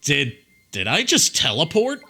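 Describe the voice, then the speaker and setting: A man's voice: a little high, huge pitch swings, unhurried, creaky, sharp tone, slightly rough, heavily acted. A man voicing a young male video game hero in a fan dub, asking casual, curious questions.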